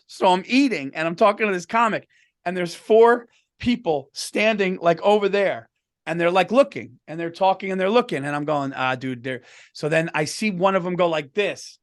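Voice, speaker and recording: High-voiced man rambling in a dry room. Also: a little fast, a bit bright, no room sound. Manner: rambling anecdotes peppered with "dude". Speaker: podcast co-host. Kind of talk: casual comedic chat.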